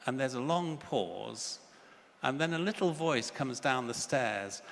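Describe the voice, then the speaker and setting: A man's voice: mid-range voice, expressive, measured pace, vocal fry, a bit bright. An older man giving an earnest plenary lecture at a conference, telling stories as he speaks. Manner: earnest, storytelling with child voices. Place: large conference hall. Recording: reverberant hall, faint ambience.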